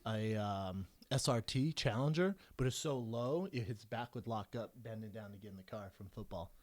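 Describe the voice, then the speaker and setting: A man's voice: lowish voice, moderate pace. A man in his thirties co-hosting a podcast, telling casual stories with lots of acted-out dialogue. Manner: animated storyteller, acts out quoted voices. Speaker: podcast co-host. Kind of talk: casual chat.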